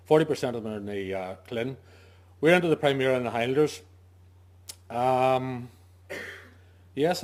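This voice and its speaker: A man, a sheep farmer, giving an informal talk to fellow farmers, stressing his points and asking himself questions, with the odd joke. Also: medium pitch. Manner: emphatic, asks himself questions and answers them; jokey asides. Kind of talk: informal talk to a farming audience.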